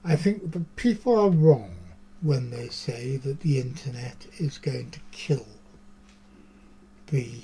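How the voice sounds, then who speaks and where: Speaking in a warm, medium-pitched voice, this man hosts a podcast. His casual monologue to camera wanders chattily, full of musing asides.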